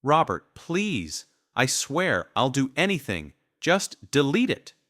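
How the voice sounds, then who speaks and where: A woman's voice: sing-song, slow pace, fairly bright tone, dry recording, clean studio sound, heavily acted. A man voicing a crying wife who begs her husband in a storybook reading. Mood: pleading. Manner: desperate high pleading. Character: sobbing pleading adult wife.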